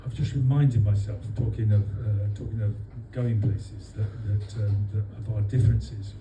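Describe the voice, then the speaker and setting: A man from London giving a humorous birthday speech for his wife to friends at a restaurant, with dry comic timing and many pauses. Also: lowish voice, noisy background. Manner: deadpan comic timing, halting with fillers. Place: restaurant dining room with guests. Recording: echoey room, voice from far off. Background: guests laughing.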